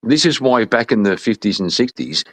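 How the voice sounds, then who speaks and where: Animated, swearing man in a casual chat. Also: lowish voice, normal speed. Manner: animated storyteller, laughs often, swears. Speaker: podcast panelist.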